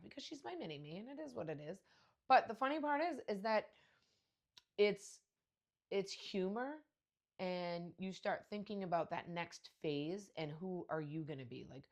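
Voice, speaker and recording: Brash, profane woman podcast host. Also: on the low side. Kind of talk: casual storytelling monologue.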